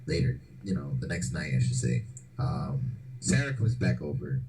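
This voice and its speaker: A man's voice: rumbling low, lively intonation, normal speed, a little mellow, a little hiss or hum, rough recording. A man co-hosting a podcast, telling a story in a loose, slangy, profane way. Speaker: podcast co-host. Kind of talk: casual storytelling.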